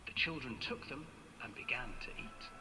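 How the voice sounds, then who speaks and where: A man narrating a dark fairy tale for a game in a theatrical voice that drops to a hush. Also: medium pitch, lively intonation, moderate pace. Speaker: storybook narrator. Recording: long reverb with music behind.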